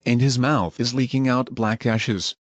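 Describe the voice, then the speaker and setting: A man narrating scripted scene recaps in a plain, even manner. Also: mid-range voice, unhurried, no echo, dull audio.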